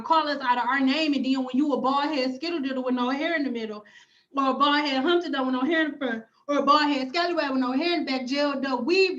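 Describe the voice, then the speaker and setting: A woman's voice: high-pitched, fairly bright tone, muffled recording. A woman, hosting a casual hair-care livestream from home and reading viewer comments, sassy, emphatic and profane. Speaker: hair stylist and cosmetologist vlogger.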